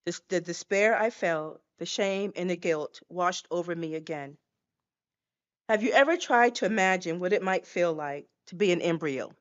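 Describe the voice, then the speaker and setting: A woman's voice: on the low side, normal speed, clean tone, highs cut off. A woman in her sixties giving a dramatic personal testimony as a guest speaker, acting out scenes as she tells them. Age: 60s.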